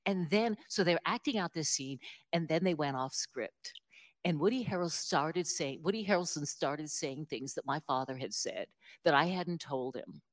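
A woman author being interviewed, telling stories in an animated, self-deprecating way and laughing often. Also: sits low, moderate pace. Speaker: author guest. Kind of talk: conversational interview storytelling.

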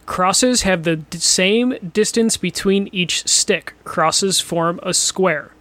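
A man's voice: high-pitched, takes it slowly, a bit bright, dry recording. A man co-hosting a gaming podcast in casual chat, blunt and profane, often laughing as he talks. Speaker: podcast co-host.

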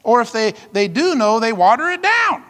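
Fiery high-voiced man preaching. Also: sing-song, moderate pace, a bit bright. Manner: emphatic, fiery preaching with call-outs to the congregation. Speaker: pastor. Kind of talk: sermon. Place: church hall. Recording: long reverb of a large hall.

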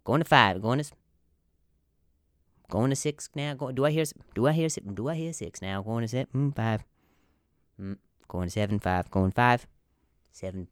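A man's voice: mid-range voice, clean tone, dry recording, clean studio sound, close to an everyday voice. A man playing an auctioneer who keeps calling bids and stumbling on the numbers with a stutter. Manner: rapid bid-calling with stalls and repeats.

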